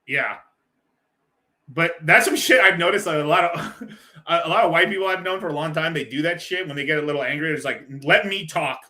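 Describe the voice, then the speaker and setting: A man with a bright, slightly raised voice rambles through an off-the-cuff reaction, laughing and cursing freely. His talk is loose, full of restarts and asides. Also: fairly high pitch, brisk. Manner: loose, rambling, laughs often, swears a lot. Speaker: stream host reacting to a clip. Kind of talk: casual profane reaction commentary.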